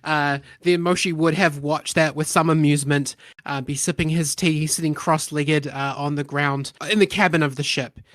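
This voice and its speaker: Laid-back game master with many uhs. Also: male voice, on the high side, normal speed, few pauses, no echo, clean studio sound. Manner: relaxed, rambling, many ums and uhs. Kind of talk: narrating a tabletop game.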